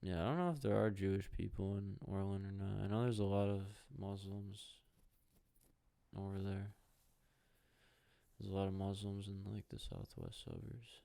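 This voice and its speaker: A young man hosts a loose, profane solo podcast, jumping between jokes and reactions to a hockey game. His voice sits low and has a gravelly, fried edge. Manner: profane, rambling, jokey, reacts out loud to the game. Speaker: podcast host. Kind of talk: casual solo podcast rambling while watching hockey.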